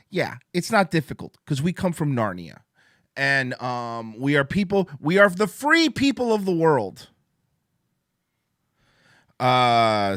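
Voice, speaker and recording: Excitable, rambling male podcast host. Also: mid-range voice, slow, pauses often, no echo, clean studio sound. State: amped up on coffee. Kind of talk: casual livestream talk show chat.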